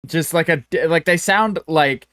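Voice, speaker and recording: A man from the American South or Southwest co-hosts a podcast, chatting casually with strong opinions, swearing, and frequently restarting his sentences. His voice sits on the high side with a fairly bright tone at a normal pace. The recording is studio quality with no room sound.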